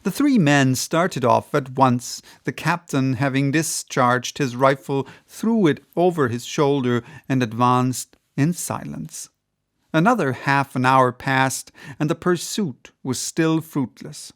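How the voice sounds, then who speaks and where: A man reading a classic novel aloud as an audiobook narrator, measured and even. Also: medium pitch. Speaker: audiobook reader.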